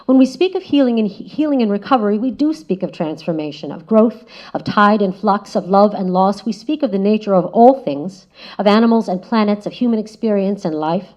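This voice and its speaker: A woman delivers a prepared talk as a guest speaker, her pitch sitting in a middle range. She speaks in a measured, reflective way, often letting phrases fall softer at their ends. The recording sounds a little dull and lo-fi. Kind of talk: prepared spoken essay. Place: lecture room. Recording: slightly dull lo-fi audio.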